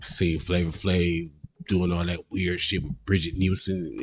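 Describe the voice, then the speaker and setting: A man hosting a reaction livestream, ranting in casual, profane commentary with lively, heated emphasis. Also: low voice, unhurried, slightly rough, dry recording, soft background music.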